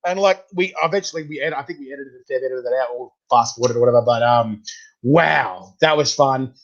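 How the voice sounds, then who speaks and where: A man hosts a casual chat, telling stories animatedly and laughing often. His voice is medium-pitched and fairly quick, and the recording sounds muffled.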